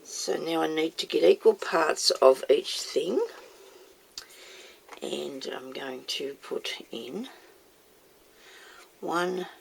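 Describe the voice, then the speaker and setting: A woman's voice: sits low, takes it slowly, gravelly, pauses often, a little hiss or hum. A woman chatting casually as she demonstrates making moulds, talking herself through each step and scolding herself by name. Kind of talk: casual how-to video.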